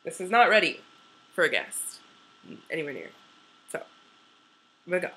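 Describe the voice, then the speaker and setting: Young woman, home vlog, rambling, self-deprecating, lots of ums, bright tone. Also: fairly low pitch, big pitch swings, normal speed, rough recording. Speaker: vlogger. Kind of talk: casual chat to camera.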